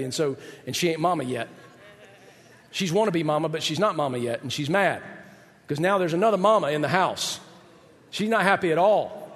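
A man preaching a sermon as pastor, animated and shifting his voice to act out biblical figures. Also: high-pitched, a little fast, big-room sound.

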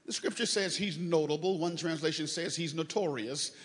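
Male preacher, high and animated, joking asides into shouted fervor, reverberant church. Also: moderate pace. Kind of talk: sermon. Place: church sanctuary.

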